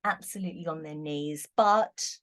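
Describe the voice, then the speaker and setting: Woman, British accent, middle-aged, lowish pitch, chatty and giggly tarot chat. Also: moderate pace, fairly bright tone. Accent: British English. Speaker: tarot reader, channel host. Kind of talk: casual chat.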